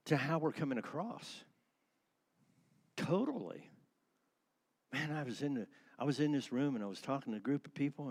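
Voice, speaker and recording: Older man, church class teacher, lively swinging pitch, laughs often. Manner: lively, acts out quoted voices, laughs often. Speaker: church speaker on marriage. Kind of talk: animated talk to a class.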